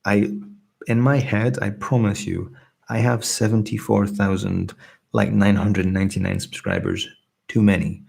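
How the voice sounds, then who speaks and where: A man with a softened Scottish accent speaks in a very low, heavily gravelly voice with a husky edge. He hosts a soft-spoken ASMR live stream, reading out viewers' comments between pauses. His manner is earnest and grateful. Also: little pitch movement. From Scotland.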